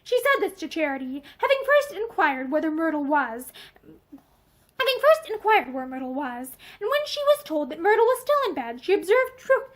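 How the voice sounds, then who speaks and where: A woman reads a novel aloud, seated indoors and facing the camera. Her voice is very high and moves a great deal as she tells the story. Her delivery is expressive throughout. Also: moderate pace. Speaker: audiobook reader.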